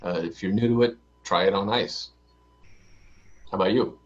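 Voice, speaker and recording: A man's voice: deep voice, moderate pace. A man co-hosting a casual drinks podcast, hesitant with many ums and dry quips. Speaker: podcast co-host. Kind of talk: casual chat. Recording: dull lo-fi audio.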